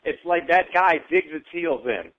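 Animated man on a tinny line. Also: fairly high pitch, measured pace. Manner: animated, laughs often, acts out voices when telling stories. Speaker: guest. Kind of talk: casual conversation. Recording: tinny phone-like audio.

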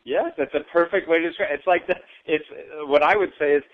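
Animated man on a tinny line. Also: a little high, fast. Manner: animated, laughs often, acts out voices when telling stories. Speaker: guest. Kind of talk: casual conversation. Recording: tinny phone-like audio.

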